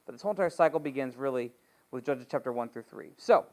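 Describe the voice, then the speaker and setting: A man's voice: medium pitch, animated, quick pace, darkish tone. A man leading a Bible study as pastor, reading scripture and retelling the story in a joking, conversational way with playful asides.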